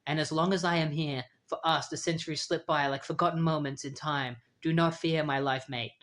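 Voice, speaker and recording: A man doing a softly soothing heroine. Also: a little high, steady tone, a little fast, close to an everyday voice. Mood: tender. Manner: soft, hushed, tender. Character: gentle soothing superheroine woman.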